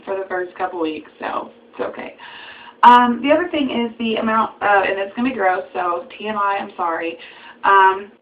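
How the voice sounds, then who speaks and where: A young woman talks casually to her camera, chatty and giggly, her speech full of ums and likes. Her voice sits at a middling pitch, and the home recording sounds a little dull and lo-fi. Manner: chatty, giggly, lots of fillers. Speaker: vlogger, new mother.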